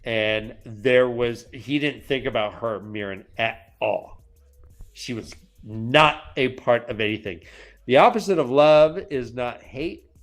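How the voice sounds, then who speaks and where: Chill guy hosting a book chat, slow easygoing delivery, jokey, acts out bits. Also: medium pitch, faint music behind. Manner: playful, retells scenes in mock voices. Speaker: podcast host recapping a book. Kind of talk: casual chat.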